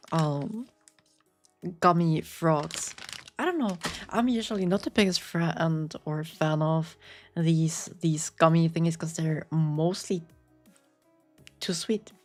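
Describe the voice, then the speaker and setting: Her voice sits low and a little mellow, carrying a slight German accent as she streams casually from her apartment. This VTuber rambles playfully with viewers, responding to chat with quick squeals and laughter.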